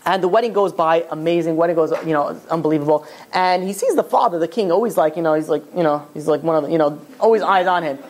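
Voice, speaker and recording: Fast-talking rabbi telling a story. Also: male voice, a little high. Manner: rambling, loose storytelling full of "you know" and "he's like". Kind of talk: storytelling in a Torah talk.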